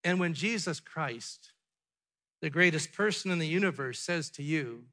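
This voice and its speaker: Male pastor, slightly high and forceful, emphatic sermon delivery with rhetorical questions, hall reverb. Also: normal speed. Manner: emphatic, repeated rhetorical questions, swings from loud to hushed.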